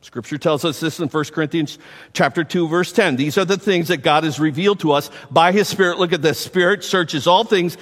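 A man with a high voice preaching in a church, taking his congregation through a teaching and drawing out key words slowly. He asks the room questions as he goes, and a long reverb hangs on his voice. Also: a bit bright. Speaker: pastor. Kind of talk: sermon.

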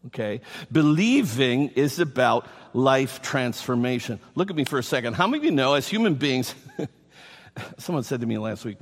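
Animated preaching man in a reverberant hall. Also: mid-range voice. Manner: animated, emphatic preaching with playful asides. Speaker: pastor. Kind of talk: sermon.

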